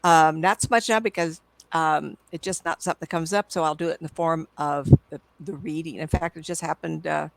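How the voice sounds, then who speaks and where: A woman in her seventies, a psychic medium, telling stories to an audience in an excitable, chatty way with frequent laughs. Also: sits low, a little fast, creaky, no echo. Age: 70s. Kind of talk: storytelling talk to an audience.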